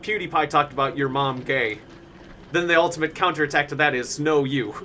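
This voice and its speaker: A man's voice: a little high, brisk, bright, forceful tone, slight background noise. A man chatting casually while streaming a game, rambling with lots of fillers and frequent laughter. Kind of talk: casual live-stream chat while gaming.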